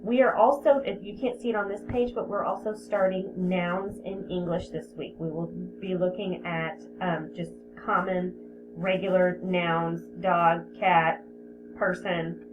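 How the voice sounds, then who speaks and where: A woman's voice: lowish voice, unhurried. A woman teaching a spelling lesson to young children, patient, sounding out words and repeating them. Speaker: elementary school teacher. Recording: tinny phone-like audio with steady background hiss.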